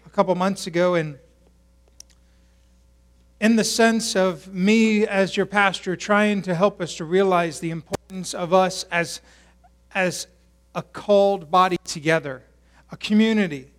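A man's voice: sits high, measured pace, pauses often. A male pastor preaching a sermon at a church service in a conversational way, asking the congregation questions.

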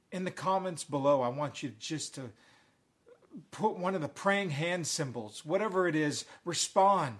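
A man delivers an online sermon as a preacher, pressing his listeners with earnest, repeated appeals. His voice sits fairly high for a man. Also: expressive, a little slow. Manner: earnest, repetitive heartfelt appeals.

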